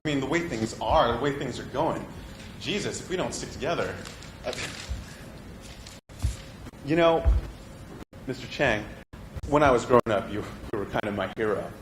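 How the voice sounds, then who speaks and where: Earnest young actor, played by a man, lively pitch, confiding then exasperated, echoey room, background noise. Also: normal speed, pauses often, lightly acted. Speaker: stage actor performing a monologue. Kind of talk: theatrical monologue.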